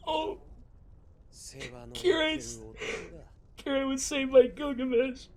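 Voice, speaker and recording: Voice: high-pitched, fairly even intonation, very slow, vocal fry, a little mellow. A young adult hosting an anime reaction video, gasping, exclaiming and swearing at the screen. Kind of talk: emotional reaction commentary.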